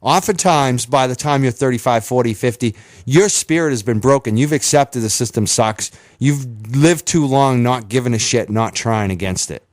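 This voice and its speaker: A man's voice: mid-range voice, normal speed, no room sound, clean studio sound. A man co-hosting a talk radio show, arguing his views earnestly and bluntly. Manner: earnest, opinionated, swears. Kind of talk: casual talk radio chat.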